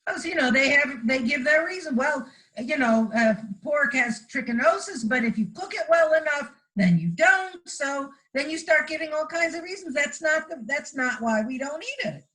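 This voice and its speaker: A woman's voice: high voice, expressive, moderate pace, hardly any pauses, pushed and bright, rough recording. A woman student in a class discussion, firmly pushing back on the teacher's point. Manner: firm, objecting.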